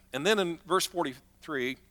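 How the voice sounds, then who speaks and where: A man's voice: on the high side, slow, vocal fry, a bit bright, big-room sound. A man preaching a sermon as pastor, telling the story in a chatty, conversational way with acted-out asides.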